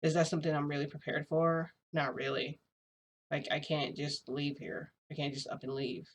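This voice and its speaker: A woman's voice: deep voice, level tone, moderate pace, a little hiss or hum. A woman telling a rambling story to her viewers in a casual vlog, full of "like" and small laughs. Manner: rambling, filler-heavy, frequent "like"; laughs between phrases. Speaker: vlogger.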